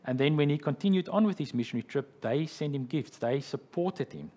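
A man's voice: on the high side, expressive, brisk, warm tone. A man preaching a sermon as pastor, explaining scripture and retelling a story in an explanatory way, often checking in with "okay" and "right".

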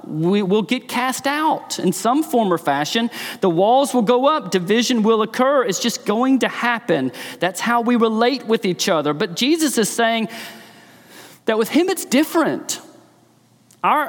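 Man, preacher, high voice, earnest sermon, long hall reverb. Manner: earnest, emphatic, varies pace for stress.

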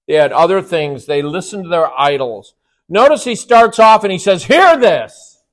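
A man's voice: fairly high pitch, lively intonation, normal speed. A man preaching a sermon to his church, emphatic and often asking rhetorical questions. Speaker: pastor.

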